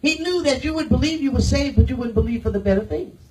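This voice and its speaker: Preaching to her congregation, a woman pastor fires off rhetorical questions and swings from loud declarations to hushed, near-whispered lines. She is high-pitched and speaks fast, and the low-quality recording comes from a distant mic.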